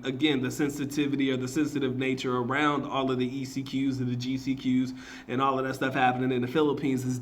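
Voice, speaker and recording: A man's voice: medium pitch, a bit bright. A man, a marketing teacher, giving a slangy, casual reaction commentary, emphatic and often laughing.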